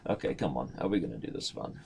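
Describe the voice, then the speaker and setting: A man's voice: a bass voice, big pitch swings, fast, vocal fry, background noise. A man streaming blitz chess and commenting on his own moves in a playful, slangy way.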